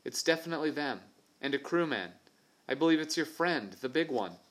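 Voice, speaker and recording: A man voicing a bold, resourceful young girl who talks in a brisk, practical, commanding way. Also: a little high, animated, fairly bright tone, pitched above the performer's own voice. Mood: excited.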